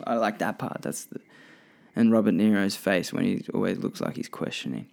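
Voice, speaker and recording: A young man with a low, gravelly voice, hosting a loose solo podcast. He rambles, restarts his sentences and swears freely. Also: moderate pace, background noise. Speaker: podcast host. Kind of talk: casual solo podcast chat.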